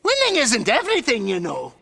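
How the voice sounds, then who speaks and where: Old Scottish hermit mentor, high, bright, swooping. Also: male voice, wildly swooping pitch, a little fast, creaky, breathy edge, heavily acted. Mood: folksy chiding. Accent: put-on Scottish. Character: kindly old male hermit racing trainer.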